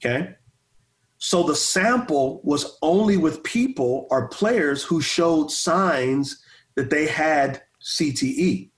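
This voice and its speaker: A man's voice: a little high, slow pace. A man in his forties, a pastor and former football player, telling stories in a casual interview with energy, repeating words and stuttering a little. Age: 40s.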